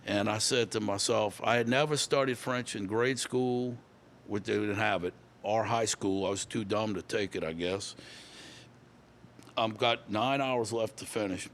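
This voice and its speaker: Low-voiced older man. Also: measured pace, a little hiss or hum. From Louisiana. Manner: rambling, repeats and restarts words. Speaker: guest musician. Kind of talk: casual storytelling interview.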